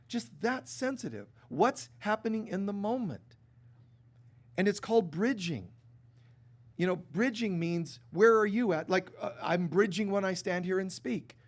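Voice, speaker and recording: A man giving a sermon to a live congregation, talking casually and animatedly, acting out little quoted exchanges. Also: sits high. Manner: conversational and animated, with many restarts and acted-out quotes. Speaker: spiritual teacher. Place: stage before a live congregation.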